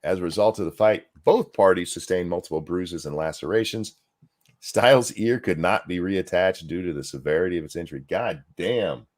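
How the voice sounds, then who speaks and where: A man co-hosting a podcast, reading news articles aloud in a deadpan way and breaking off for dry asides. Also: low-pitched, normal speed. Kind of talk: casual news commentary.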